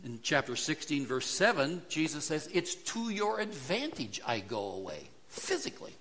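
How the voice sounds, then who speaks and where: A man's voice: mid-range voice, sharp tone. A man preaching a sermon, emphatic and full of rhetorical questions.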